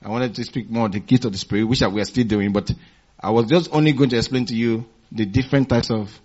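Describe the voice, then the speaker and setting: Medium in pitch with a darkish tone, a preacher trades calls and responses with his flock, leaving phrases for them to finish, and laughs softly as he tells stories. The sound quality is dull and lo-fi.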